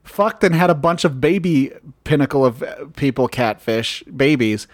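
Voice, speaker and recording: A man's voice: mid-range voice, expressive, normal speed, no room sound, clean studio sound. A young adult man co-hosting a podcast in casual chat, with crude, joking banter. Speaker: podcast co-host.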